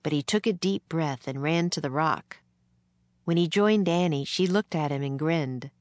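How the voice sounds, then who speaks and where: A woman narrating a children's storybook aloud in a gentle read-aloud manner. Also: deep voice, normal speed, no echo. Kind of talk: storybook reading.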